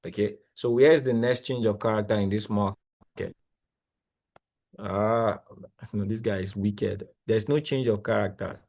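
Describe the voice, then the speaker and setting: A young man, coaching traders live while sharing his screen, talking in an excitable, exclamatory, rambling way with lots of repeats. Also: fairly low pitch, measured pace. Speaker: trading coach. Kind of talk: live screen-share trading analysis.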